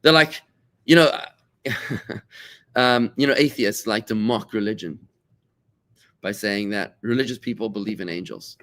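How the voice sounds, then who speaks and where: A middle-aged man leads a Torah class as a rabbi. He talks in an animated, conversational way, often restarting and repeating words, and slips into quoted voices to act out his examples. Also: lowish voice, a little slow, pauses often. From South Africa.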